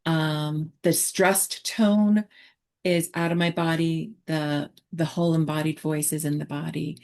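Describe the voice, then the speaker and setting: A woman therapist explaining her approach in a relaxed online teaching chat, talking reflectively with many fillers and restarts. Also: sits low, measured pace, gravelly. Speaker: therapist presenter.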